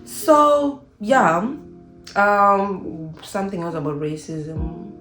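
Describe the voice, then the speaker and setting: A young woman from Zimbabwe talking casually to camera in an unscripted vlog, animated and acting out the voices of people she quotes. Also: lowish voice, measured pace, echoey room, soft background music. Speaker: vlogger.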